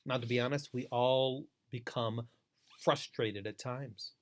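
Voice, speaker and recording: A man's voice: mid-range voice, fairly even intonation, unhurried. A middle-aged man delivering a webinar lecture as a foster care trainer, emphatic and repetitive, driving each point home.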